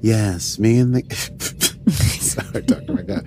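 A man's voice: lowish voice, very animated, takes it slowly, music in the background. Jokey man co-hosting a podcast. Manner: jokey, slips in and out of playful put-on voices. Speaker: podcast co-host. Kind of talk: casual podcast chat and episode recap.

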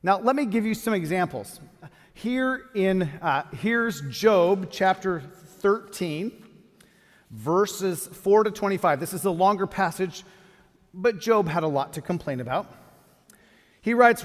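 A pastor preaching a sermon and reading scripture aloud with feeling. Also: male voice, sits high, measured pace. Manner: expressive, reads scripture with feeling. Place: church hall. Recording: long hall reverb.

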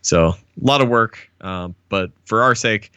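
A man with a low voice that has a bright, forceful edge, co-hosting a podcast. He talks in an easygoing way, laughs often and hesitates with "uh". The recording is dry and close. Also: unhurried, clear, resonant tone, no room sound. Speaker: podcast co-host. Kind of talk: casual chat.

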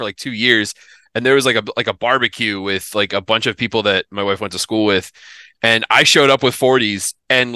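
A man's voice: mid-range voice, sharp tone, dry recording. A man in his thirties from the Philadelphia area, telling a profane comic story on a podcast and laughing often. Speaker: podcast host. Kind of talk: casual comedic storytelling.

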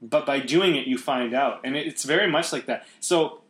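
A man's voice: mid-range voice, moderate pace, fairly bright tone, roomy sound. Reflective, rambling podcast host, man. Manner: rambling, reflective, many restarts. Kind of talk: casual conversation.

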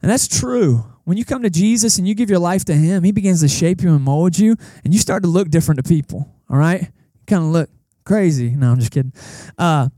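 Young male pastor, mellow and fairly high voice, animated sermon delivery, dry close sound. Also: no echo. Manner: animated, conversational preaching with acted-out quotes. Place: church service in a cinema auditorium.

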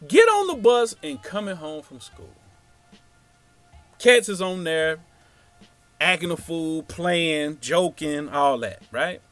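A man's voice: on the high side, slow pace, pauses often, no room sound, soft background music. A man telling a childhood story as stand-up comedy, acting out each character. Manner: animated, acts out every character.

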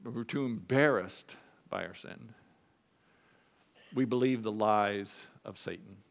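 A pastor in his fifties preaching a sermon in a church, shifting between quiet confessional moments and raised emphatic points. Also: slow, creaky. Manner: animated preaching, swings between soft confessional lows and raised emphatic highs. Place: church sanctuary.

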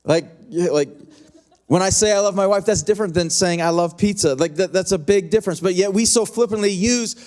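A middle-aged man preaching a sermon as pastor, in a conversational, repetitive style that slows down to stretch key lines. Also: high-pitched, a little mellow.

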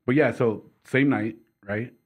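A young man co-hosting a casual podcast, laid-back and cursing, often trailing off into quiet asides. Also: medium pitch, a little slow, breathy edge. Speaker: podcast co-host. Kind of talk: casual chat.

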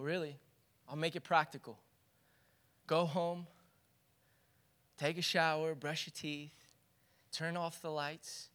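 A man's voice: a little high, a bit bright. A man preaching a sermon as pastor, earnest and building into fervent exhortation.

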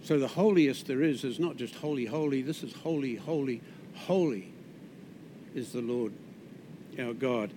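A man's voice: medium pitch, a little slow, slight background noise. Conversational New Zealand man preaching. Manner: conversational preaching, restarts and asides, drops soft on key words. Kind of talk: sermon.

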